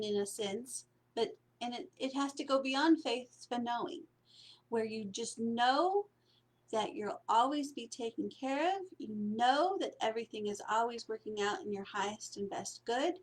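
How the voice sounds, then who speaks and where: High-voiced woman giving meandering spiritual coaching. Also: lively intonation, a little slow. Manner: meandering, repeats phrases, often asks "right?". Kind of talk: casual motivational talk.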